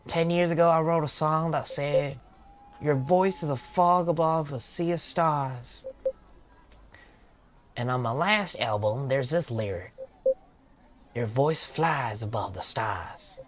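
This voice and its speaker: A man's voice: fairly high pitch, takes it slowly, pauses often, a little hiss or hum, voice pushed up. A man putting on a glum British singer. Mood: gloomy. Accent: British, put on. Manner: glum, self-critical. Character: weary male singer with creative block. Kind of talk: game character voice-over.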